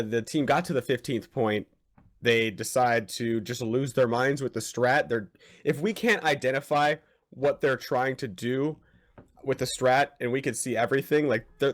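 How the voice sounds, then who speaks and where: Man, color commentator; analytical, conversational, mid-range voice. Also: medium pitch. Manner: chatty, analytical, rhetorical questions.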